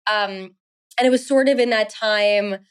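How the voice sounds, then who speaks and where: Speaking a little slowly in a smooth, medium-pitched voice, an actress in her thirties chats as an interview guest. It's a casual conversation, and her chatty speech is filled with "um" and "like."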